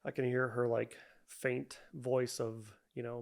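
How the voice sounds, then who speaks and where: A young man, a podcast guest, telling his own story in a halting way with many repeats and fillers. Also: mid-range voice, little pitch movement, vocal fry. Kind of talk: personal storytelling.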